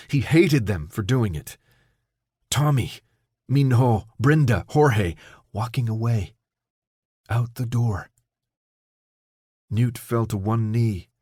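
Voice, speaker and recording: A man reading an audiobook in a steady, measured storytelling voice, recorded on a close studio mic. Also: on the low side, no echo. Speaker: audiobook narrator. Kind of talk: scripted audiobook narration.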